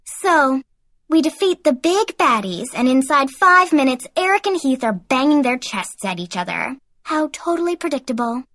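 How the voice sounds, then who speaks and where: A woman's voice: high voice, big pitch swings, normal speed, few pauses, pushed and bright, husky, no room sound, studio quality, voice pushed up, exaggerated voice. A woman playing a sneering, sarcastic teen girl. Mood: mocking.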